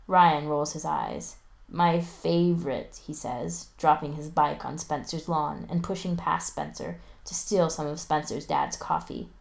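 A woman narrating a novel aloud, lively, raising her voice for the teenage characters. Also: measured pace, vocal fry, hardly any pauses. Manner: lively, voices teen boys with raised pitch. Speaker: audiobook narrator.

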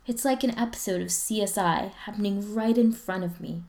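A woman voicing a playful, teasing teenage boy who talks in an excitable, raised voice. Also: medium pitch, brisk, voice pushed up, close to an everyday voice.

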